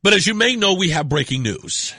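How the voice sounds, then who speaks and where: An American man hosting a radio talk show, his voice hoarse and rough from a cold, talking in an animated, teasing, opinionated way. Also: fairly quick, faint music behind. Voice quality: deep rough voice. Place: radio studio. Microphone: studio microphone.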